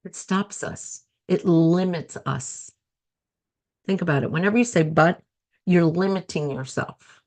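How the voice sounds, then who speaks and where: A middle-aged woman with a slightly low voice hosts her own coaching podcast. She talks in a loose, chatty way and circles back to repeat key phrases for emphasis. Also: a little slow, darkish tone. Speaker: podcast host and life coach. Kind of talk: casual solo podcast talk.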